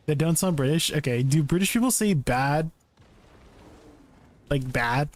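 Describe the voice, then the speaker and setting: A man's voice: on the high side, lively intonation, measured pace. Chatty laughing man streamer. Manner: chatty, laughs often, answers chat questions. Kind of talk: casual live-stream chat with viewers.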